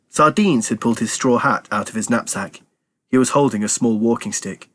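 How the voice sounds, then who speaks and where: A man reading a children's story aloud in a lively, expressive way. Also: medium pitch, moderate pace.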